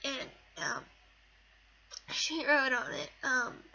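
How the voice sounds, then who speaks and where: A teenage girl vlogging about something personal, halting and fighting back tears, with many pauses and fillers. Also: sits high, very animated, bright, forceful tone. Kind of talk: emotional personal talk to camera. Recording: dull lo-fi audio with faint hiss.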